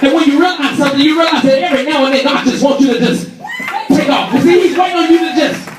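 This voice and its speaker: A man preaching a sermon with emphatic, rising delivery, shouting key phrases to the congregation. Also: extremely high pitch, rapid-fire. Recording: echoey church hall, far from the mic, congregation audible.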